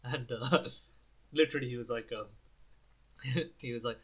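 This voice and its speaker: A young man co-hosting a casual podcast, telling stories in an animated way, acting out his friends' lines and laughing often. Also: medium pitch, a little slow, husky. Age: young adult. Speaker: podcast co-host. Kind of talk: casual chat.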